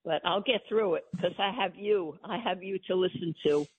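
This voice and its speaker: A woman's voice: fairly low pitch, moderate pace, slightly rough, dry recording. Older New woman on the phone. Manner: emphatic, gushing and pleading. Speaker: host's mother, phone-in guest. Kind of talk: casual phone chat. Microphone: telephone. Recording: tinny phone line.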